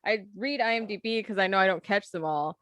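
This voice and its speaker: A woman co-hosts a podcast and chats casually, laughing often. Her voice sits at a middling pitch, recorded close and dry. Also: fairly quick, a bit bright, no echo. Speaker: podcast co-host.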